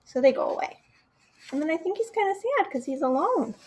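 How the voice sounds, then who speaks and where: A woman's voice: extremely high pitch, a little fast. A young woman, a children's librarian, reading a picture book aloud at storytime, talking right to the kids and asking them questions. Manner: expressive, talks straight to the kids, asks them questions.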